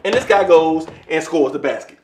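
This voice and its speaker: A man vlogging to camera in a casual comedic rant, profane and animated, talking to his viewers as folks. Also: a little high, normal speed, background noise. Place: indoor room with wooden floor. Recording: echoey room.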